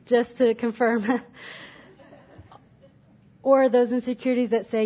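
A woman giving a sermon from a church stage, her voice sitting a little high. She reads scripture aloud, then speaks with frank, reflective honesty about her own struggles. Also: fairly even intonation, normal speed, pauses often, a little mellow. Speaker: preacher.

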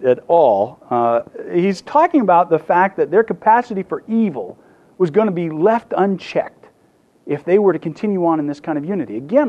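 A man preaches a sermon in a lively storytelling way, his voice sitting a little high for a man. He mixes humor into his teaching and often restarts his phrases. The recording sounds dull and lo-fi. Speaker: pastor.

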